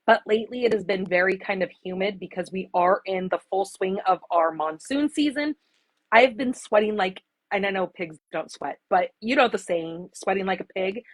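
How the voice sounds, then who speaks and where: A woman in her forties chats through a craft livestream from home, friendly and a little emotional, greeting viewers by name. Her voice sits at an ordinary middle pitch, and the close mic sounds dry with no room in it. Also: moderate pace, dry recording, rough recording. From Arizona, US. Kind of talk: casual livestream chat.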